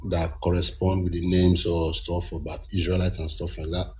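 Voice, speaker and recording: Earnest man, low voice. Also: little pitch movement, normal speed, darkish tone. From Nigeria. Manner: earnest, explanatory, frequent restarts. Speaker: guest caller. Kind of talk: casual discussion.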